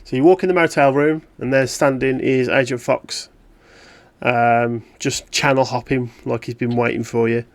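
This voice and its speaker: Guy running a tabletop game, middle pitch, lots of ums and restarts. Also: steady tone, moderate pace. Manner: rambling, lots of fillers and self-corrections. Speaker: game master.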